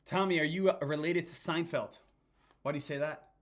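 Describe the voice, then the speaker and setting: A young man hosting a live stock-trading stream, energetic, talking straight to his viewers. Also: a little high, a little fast. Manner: energetic, addresses viewers as traders. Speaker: host, stock trader. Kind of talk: live-stream market talk.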